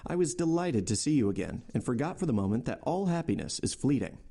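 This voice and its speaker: A man's voice: medium pitch, very animated, quick pace, creaky, dark tone, voice pushed up. A man voicing the Count, a worldly and commanding nobleman, in a raised, sweeping voice. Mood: genial.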